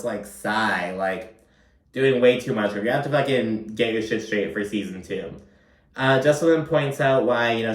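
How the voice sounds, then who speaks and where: Brief: man, mid-pitched, chatty profane recap commentary, recorded a bit off-mic in an echoey room. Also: fairly bright tone. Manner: gossipy, profane, frequent "like" fillers. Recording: roomy, distant from mic.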